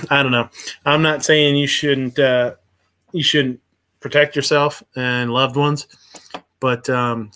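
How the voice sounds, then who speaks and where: A man hosts a casual livestream and reads through a news story as he talks. He wanders off track, stops to restart his sentences, and fills the gaps with ums and uhs. His voice sits at an ordinary middle pitch. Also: a bit bright. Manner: rambling, hesitant, many fillers and restarts. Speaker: livestream host.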